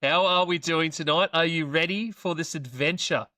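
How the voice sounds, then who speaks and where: A man's voice: fairly high pitch, normal speed, pushed and bright, no room sound. An Australian man hosting a casual sports show, upbeat and playfully teasing his co-hosts. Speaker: podcast host.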